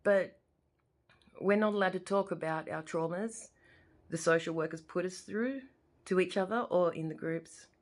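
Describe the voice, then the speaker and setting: This is an Australian vlogger in her forties with a lowish voice and moderate pace, speaking to camera in her living room. The monologue is emotional and personal, delivered in an impassioned, rambling style with plenty of repetition.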